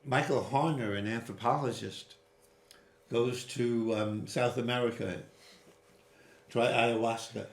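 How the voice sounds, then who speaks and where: Animated male storyteller in a roomy echo. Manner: animated, with sudden rises in pitch and quick asides. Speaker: guest. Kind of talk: storytelling interview answers.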